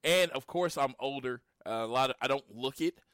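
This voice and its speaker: A man in his late thirties from Oklahoma, talking casually as a podcast co-host. He retells his encounters with lively storytelling, his voice mid-pitched and dry, close to the mic with no room sound. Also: brisk, no echo. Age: 30s. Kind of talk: casual chat.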